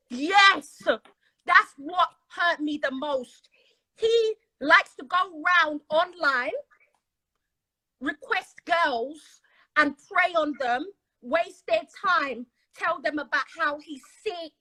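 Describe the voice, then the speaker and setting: British woman, very high voice, bright, chatty, dramatic storyteller, casual chat. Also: low-quality recording. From Britain. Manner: chatty, dramatic, acts out quoted dialogue. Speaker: guest.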